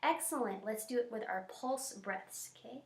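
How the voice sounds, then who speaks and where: A woman teacher guiding students through breathing and posture warmups in an encouraging, instructive way. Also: fairly high pitch, moderate pace, recorded from a distance. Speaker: music teacher. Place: school music room. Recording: echoey room.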